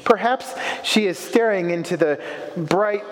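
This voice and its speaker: Male preacher, high voice, unhurried reflective sermon, long hall reverb. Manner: reflective, asks rhetorical questions.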